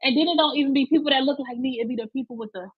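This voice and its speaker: High husky woman, live-stream chat. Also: racing, no echo, lo-fi sound. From Philadelphia. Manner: chatty, greets viewers by name, emphatic slang.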